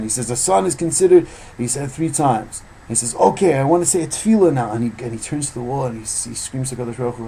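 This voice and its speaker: A man teaching an informal evening Torah class, telling stories with animated, loud bursts when he acts out quotes. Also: mid-range voice, fast talker, vocal fry, a little hiss or hum, low-quality recording.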